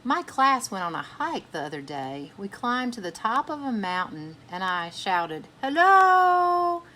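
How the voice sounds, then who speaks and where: A woman reading a picture book aloud for children's storytime, pausing to ask her young listeners gentle questions. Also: fairly low pitch, sing-song. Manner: gentle, asks listeners questions between passages.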